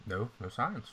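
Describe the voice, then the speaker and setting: A man running a tabletop game as game master, casual and profane, often clearing his throat. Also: lowish voice, sharp tone.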